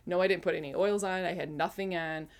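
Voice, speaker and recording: A woman's voice: on the low side, steady tone, quick pace. A woman in her forties telling a casual personal testimony, rambling with frequent self-corrections. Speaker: speaker sharing a spiritual testimony.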